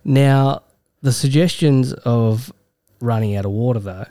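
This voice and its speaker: A man's voice: medium pitch, unhurried, mellow, no echo. A man with an Australian accent co-hosting a sports podcast, laid-back and dry in his joking. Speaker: podcast co-host. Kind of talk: casual sports banter.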